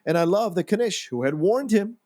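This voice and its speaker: A man co-hosting a film podcast who chats in an animated, rambling way. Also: sits high, a little fast, dry recording. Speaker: podcast co-host. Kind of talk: casual film discussion.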